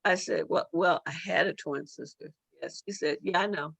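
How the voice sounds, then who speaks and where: A middle-aged woman tells a personal story as a guest on a talk show, and her voice has a gravelly, bright edge. She repeats words and restarts as she talks. The sound is dry and close. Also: lowish voice, normal speed, no echo. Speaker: judge and author, guest.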